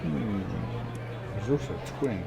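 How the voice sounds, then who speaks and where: A man's voice: on the low side, expressive, slow, creaky, a loud crowd. A man casually commentating a strategy game, sleepy and yawning, reading event text aloud with wry muttered asides. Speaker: gameplay commentator.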